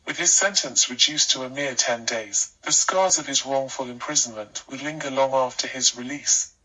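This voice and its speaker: A man narrating a scripted life story with a steady, even storytelling delivery. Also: mid-range voice, slightly rough, recorded from a distance, poor audio.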